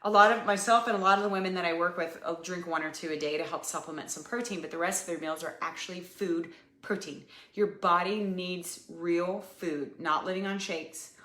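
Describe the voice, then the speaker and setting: A woman's voice: lowish voice, steady tone, brisk, fairly bright tone, echoey room. A woman hosting a fitness podcast, coaching listeners in a casual, chatty way with lots of ums and "you guys.".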